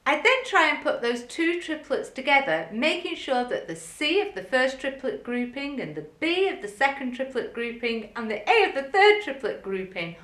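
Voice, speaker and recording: A woman gives a music lesson in a bright, fairly high voice that rises and falls a lot. She explains step by step and chants the counts in a firm, even rhythm. The room has a noticeable echo. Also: moderate pace, few pauses. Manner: clear, methodical teaching with counted chanting. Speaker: music teacher. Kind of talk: instructional video lesson.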